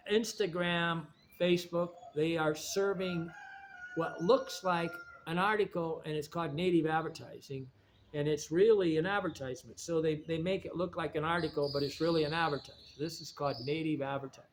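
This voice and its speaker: A man with a somewhat high voice talks in a loose, wandering monologue. He often drops a sentence halfway and starts it again. A faint hum of ambience sits behind him. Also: a little fast. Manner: digressive, restarts sentences. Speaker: video essayist. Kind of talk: rambling spoken monologue.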